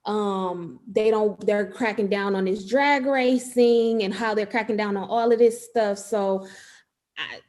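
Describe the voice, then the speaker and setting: A woman's voice: mid-range voice, unhurried, darkish tone. A woman from Georgia co-hosting a casual podcast, conversational and frank with her opinions. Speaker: podcast co-host. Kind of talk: casual chat.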